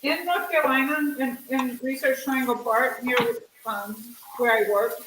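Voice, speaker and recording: A high-voiced woman co-hosts a cooking segment, agreeable and explaining her cooking step by step. She sounds far from the mic in an echoey room, with kitchen clatter behind her. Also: fairly even intonation, normal speed. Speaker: co-host cooking remotely. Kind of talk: casual chat. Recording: distant, echoey, noisy kitchen.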